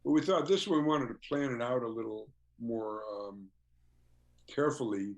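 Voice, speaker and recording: A man's voice: medium pitch, normal speed. Older man telling stories with chuckles. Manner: chuckles often, fills with "you know". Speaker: guest musician. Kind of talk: casual interview storytelling.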